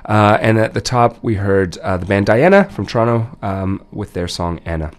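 A man's voice: lowish voice, lively intonation, moderate pace. A man hosting a radio music show, talking casually between songs with a stuffy, nasal voice from a cold, rambling and correcting himself as he goes. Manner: loose, rambling, self-correcting. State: has a cold.

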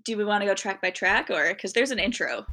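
A woman's voice: mid-range voice, expressive, brisk, sharp tone. A young adult woman co-hosting a podcast, telling rambling stories full of fillers in casual chat. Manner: rambling, filler-heavy storytelling. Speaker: podcast co-host.

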